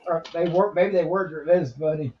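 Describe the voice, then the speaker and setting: A man with a high voice chats in an easygoing way, casually retelling favourite movie scenes. His sound is muffled and lo-fi, as if it comes through a dull connection. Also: a little fast, slight background noise. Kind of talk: casual chat.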